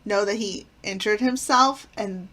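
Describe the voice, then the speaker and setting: A woman's voice: medium pitch, a little slow, bright, forceful tone. A woman casually reviewing favorite sitcom episodes, retelling plots with enthusiasm and frequent fillers. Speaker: channel host.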